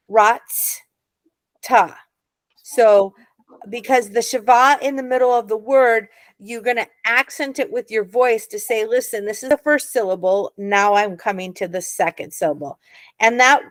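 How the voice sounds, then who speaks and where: A woman's voice: on the high side, no echo. A woman teaching an adult Hebrew reading class, patient and encouraging, explaining step by step.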